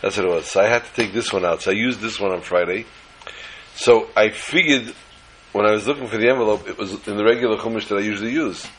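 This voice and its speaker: A low-voiced man gives an informal religious talk, drifting from a personal anecdote into a teaching story. He rambles and corrects himself as he goes. Faint background noise runs beneath his voice. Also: fast, fairly bright tone, poor audio.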